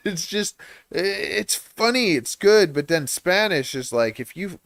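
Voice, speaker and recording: A man's voice: high voice, normal speed, a bit bright, no room sound. A young man hosting a casual livestream, talking in a rambling, self-mocking way and laughing often. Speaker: livestream host.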